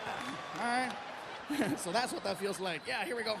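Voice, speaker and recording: Guy with a really high voice doing stand-up, big crowd roaring, noisy live arena sound. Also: moderate pace, gravelly. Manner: energetic, animated storytelling, often shouting to the crowd. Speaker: stand-up comedian. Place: large arena on stage. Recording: live arena recording with loud crowd and noise. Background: cheering and laughing audience.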